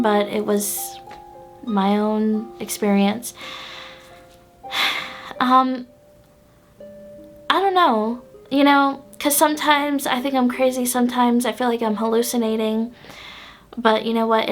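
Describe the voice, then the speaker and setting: Woman host, higher voice, slow chatty storyteller, filler-heavy and giggly, light music bed. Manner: chatty, full of "like" and "um", laughs often. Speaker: pagan witch channel host. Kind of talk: casual personal storytelling.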